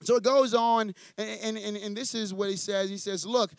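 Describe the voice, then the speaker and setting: High, gravelly young pastor preaching. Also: male voice, normal speed, no echo. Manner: casual and animated, acting out quoted characters in storytelling; frequent restarts and repeated words. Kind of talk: sermon. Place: church.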